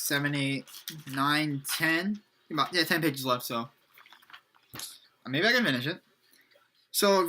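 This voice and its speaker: A young man casually reading his own old story aloud, halting and self-mocking with many restarts. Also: fairly high pitch, pushed and bright. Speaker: reader of his own book. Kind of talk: casual read-aloud with commentary.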